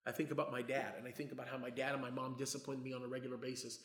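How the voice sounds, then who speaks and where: A middle-aged man preaching a sermon as a pastor, talking in a casual, conversational way and swinging between loud, emphatic passages and hushed asides. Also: mid-range voice, little pitch movement, very fast. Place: church hall. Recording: roomy church echo.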